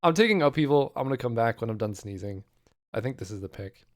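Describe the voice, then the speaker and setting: Man, hoarse, losing his voice, casual commentary, rambling, thinking out loud. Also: medium pitch, expressive, quick pace. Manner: rambling, weighs options aloud. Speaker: card game content creator.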